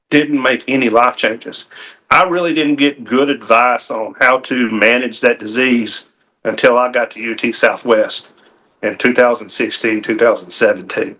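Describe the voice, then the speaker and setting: A man's voice: medium pitch, pushed and bright. A man, a game warden telling a personal story in a TV interview, folksy and earnest with frequent restarts.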